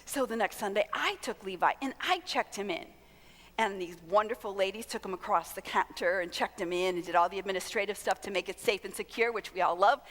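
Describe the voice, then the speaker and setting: An older woman giving an inspirational conference talk to volunteers, telling stories in a lively way and acting out what people said. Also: medium pitch, a little fast, long reverb tail. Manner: lively storytelling with acted-out quotes. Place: large conference hall.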